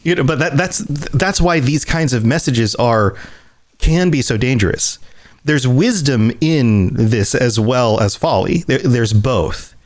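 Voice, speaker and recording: Male podcast co-host, mid-pitched, animated, playful, slips into mock voices. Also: a little slow. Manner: animated, acts out characters in silly voices, laughs often. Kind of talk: casual podcast chat.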